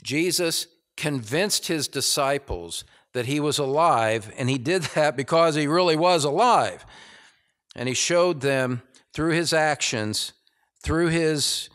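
American pastor guy preaching slow and emphatic, kinda high voice. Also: a bit bright. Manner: deliberate, emphatic preaching with rising intensity. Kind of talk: sermon.

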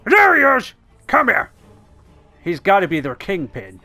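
A gamer giving excitable, sweary commentary over their own gameplay. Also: medium pitch, a little slow, soft background music. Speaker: let's play gamer.

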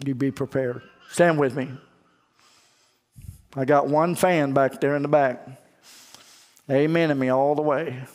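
A man's voice: medium pitch, fairly even intonation, a little slow, long pauses, darkish tone. A man preaching a sermon, telling stories with acted dialogue and pressing urgent appeals. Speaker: pastor. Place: church sanctuary. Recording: long church reverb.

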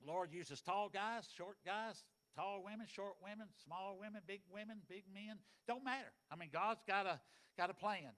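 A man preaching a sermon, folksy and dynamic, swinging between loud and soft. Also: high voice, moderate pace. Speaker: pastor.

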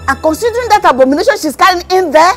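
A woman's voice: very high-pitched, animated, very fast, a bit bright, soft background music. An actor playing a contemptuous mother who insults the young man. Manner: insulting, dismissive.

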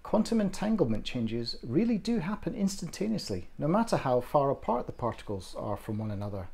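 A man's voice: medium pitch, sing-song, brisk, gravelly, a little mellow, husky, exaggerated voice. A man voicing a proud scientist father who patiently explains things to his daughter in a storybook reading. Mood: explaining.

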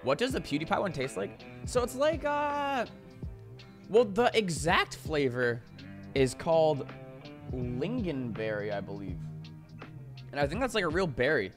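A young man in his twenties rambling casually to his live-stream chat, animated and full of "like" and swearing. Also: fairly high pitch, unhurried, long pauses, music in the background.

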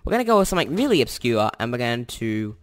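Young aussie guy walking through code, lively up and down voice, keeps correcting himself, keys clacking behind. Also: mid-range voice, quick pace. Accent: Australian. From Australia. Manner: chatty and self-correcting, thinks aloud while typing. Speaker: tutorial host. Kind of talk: casual screen-recorded coding tutorial.

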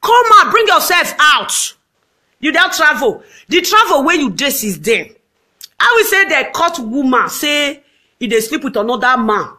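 A Nigerian woman ranting and scolding in a loud, dramatic live video monologue. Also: high voice, very animated, normal speed.

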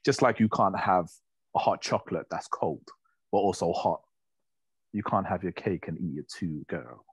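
Deep husky blunt man. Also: normal speed, no echo. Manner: blunt, provocative. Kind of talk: casual chat.

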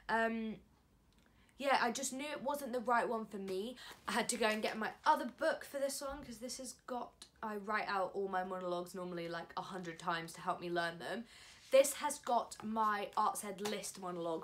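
A young woman talks to her viewers in a relaxed vlog style. She sounds chatty and enthusiastic, and her voice sits at an ordinary middle pitch for a woman. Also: slight background noise. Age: young adult. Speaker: vlogger, drama school applicant. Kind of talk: casual advice chat.

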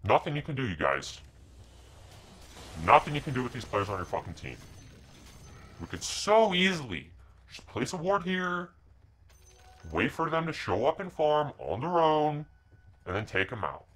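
A young man streaming a game, cursing and yelling orders at his teammates, then muttering asides to his viewers. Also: fairly high pitch, sing-song, normal speed, long pauses. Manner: profane, shouting orders at teammates. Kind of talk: live gameplay commentary.

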